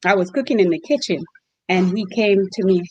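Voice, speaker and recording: A woman's voice: medium pitch, brisk, a little hiss or hum, low-quality recording. A woman who hosts exchange students, telling stories in an interview and acting out the quotes. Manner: animated storyteller, acts out quotes. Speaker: host family mom for exchange students. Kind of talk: storytelling interview chat.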